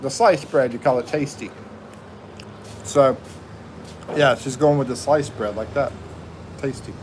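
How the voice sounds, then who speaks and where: A man's voice: medium pitch, a little slow, a little mellow, slight background noise, poor audio. A Texan man chatting casually on a livestream, reading viewer comments and chuckling, in a home kitchen. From USA. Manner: laid-back, chuckling, reads viewer comments. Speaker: livestream host.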